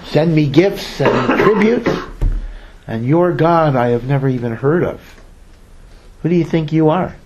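A man's voice: a little high, animated, measured pace, heavy background noise. A man in a sermon voicing a sarcastic, mocking male ancient king who talks in a scornful, dismissive way. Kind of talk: sermon storytelling.

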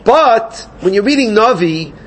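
A man teaching a Gemara class, animated and questioning his students. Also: high voice, unhurried. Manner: animated, questioning students, mixes Yiddish and Hebrew terms. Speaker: Talmud teacher.

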